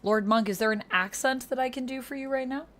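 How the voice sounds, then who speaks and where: A woman's voice: high-pitched, a little fast, fairly bright tone. A woman livestreamer in casual chat with her viewers, upbeat, thanking them and reading chat aloud into a desk streaming mic.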